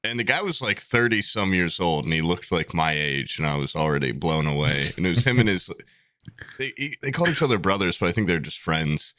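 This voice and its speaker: Lively young man laughing through tales. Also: sits low, brisk, no room sound, clean studio sound. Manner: rambling, laughs through his stories. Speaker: podcast host. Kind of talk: casual comedic storytelling.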